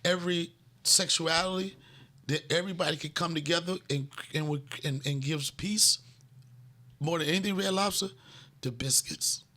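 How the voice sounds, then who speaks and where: A man's voice: a little high, moderate pace, pushed and bright. A middle-aged man hosting a casual comedy chat, joking loosely and repeating himself as he goes. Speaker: host.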